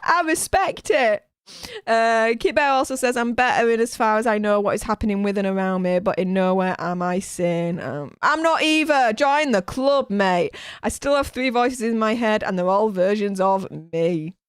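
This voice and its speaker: A woman hosting a live stream, chatty and animated, reading out viewer comments with lots of fillers. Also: medium pitch, moderate pace, clear, resonant tone, no room sound, clean studio sound. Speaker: host reading live chat. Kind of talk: casual live-stream chat.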